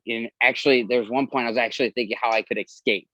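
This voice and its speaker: A man's voice: medium pitch, steady tone, quick pace, a bit bright, no echo, highs cut off. A man in his thirties, an army veteran, candidly telling his own story in a podcast interview and swearing freely.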